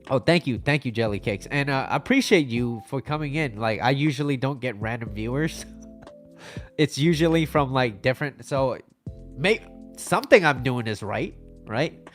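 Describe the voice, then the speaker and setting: A young American man hosts a casual livestream, talking loosely and reading out viewer comments as they come in. His voice sits at an ordinary middle pitch. Faint music plays in the background. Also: animated, moderate pace. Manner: rambling, chatty, reads out viewer comments. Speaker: livestream host.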